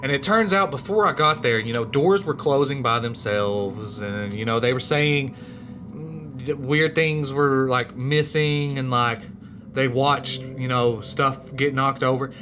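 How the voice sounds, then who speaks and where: A man's voice: medium pitch, a little slow. A man telling a true scary story in a casual, rambling way, his voice rising and dropping for suspense. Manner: animated, rambling, voice rises and drops with suspense.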